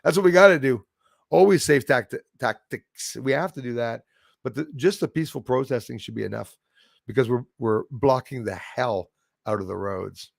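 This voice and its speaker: Reading the chat on his casual livestream, a Canadian host rambles bluntly and calls out viewers by name. He speaks at normal speed in a creaky, mid-range voice; the studio audio is clean with no echo.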